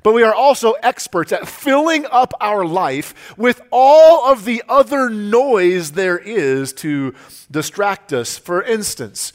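A middle-aged man from the United States preaching a sermon as a pastor, earnest and conversational, often restarting his words. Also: high voice.

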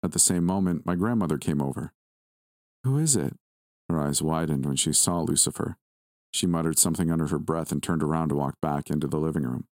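Man narrating creepy story, real low voice, dry close sound, steady pace. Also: no echo. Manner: measured, steady reading. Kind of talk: scripted first-person horror narration.

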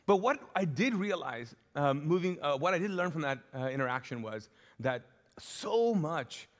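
Male pastor, higher-pitched, lively sermon storyteller, live in a large church hall with long reverb. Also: moderate pace. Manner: animated, conversational, acts out dialogue with self-deprecating humor.

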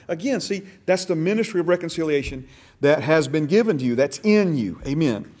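A man's voice: fairly high pitch, expressive, brisk, a little mellow. Guy teaching a bible class in a church room, leans hard on words, quizzes folks. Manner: emphatic, stresses words, asks the class questions. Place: church classroom, also streamed online.

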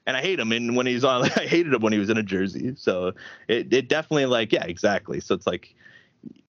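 A man guests on a podcast, rambling casually with plenty of fillers. His pitch jumps around a lot. The recording is dry and a bit dull. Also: sing-song, fast talker, pushed and bright, no echo. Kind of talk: casual interview chat.

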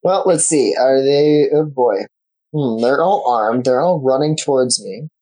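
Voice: medium pitch, expressive, unhurried, mellow, low-quality recording. A player in a tabletop game, thinking aloud with a wry tone. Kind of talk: casual tabletop play.

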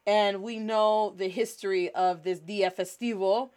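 A woman's voice: medium pitch, fairly even intonation, measured pace, darkish tone. A woman hosting a language lesson in a casual, upbeat teaching style, moving between English and Spanish. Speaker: host.

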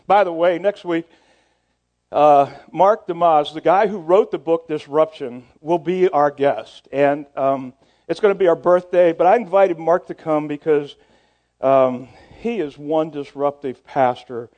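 A middle-aged man preaching to his church in a loose, storytelling way, with a voice that sits a bit higher than most men's. He stumbles over words and repeats himself, joking at his own expense. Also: a little slow, muffled recording. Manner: casual, self-deprecating, stumbles and repeats words. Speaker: pastor. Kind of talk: storytelling sermon.

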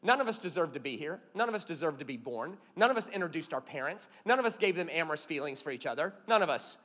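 A man's voice: a little high, big pitch swings, fast, bright, forceful tone, in a large hall. A man preaching a sermon as a pastor, emphatic and punchy, telling stories with jokes.

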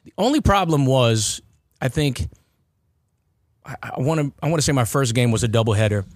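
A man's voice: mid-range voice, expressive, normal speed, dry recording, studio quality. A man hosting a casual podcast chat, rambling with restarts and repeated words. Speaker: podcast host.

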